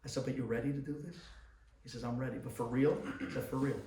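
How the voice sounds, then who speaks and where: A man, a rabbi, giving a storytelling sermon that acts out the voices in his story and climbs into shouting. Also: mid-range voice, steady tone, fast talker, slight background noise. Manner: dramatic storyteller who acts out dialogue and builds to shouting. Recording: roomy hall miked from a distance.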